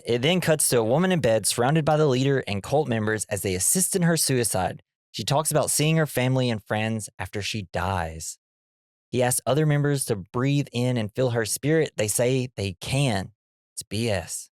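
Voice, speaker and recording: A man's voice: medium pitch, lively intonation, normal speed, dry recording, studio quality. A man co-hosting a movie podcast, recapping scenes in casual chat with sarcastic asides and silly character voices. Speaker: podcast co-host.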